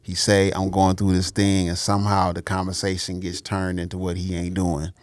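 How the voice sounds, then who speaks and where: A man's voice: sits low, completely flat delivery, moderate pace, no echo. A young man co-hosting a casual chat show, joking and teasing playfully. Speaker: podcast co-host.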